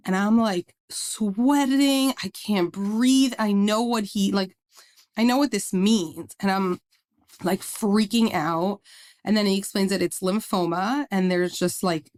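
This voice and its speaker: A woman in her thirties, a podcast guest, telling her story conversationally with lots of "like" fillers and acted-out quotes. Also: medium pitch. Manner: animated retelling with many "like" fillers, acting out quotes.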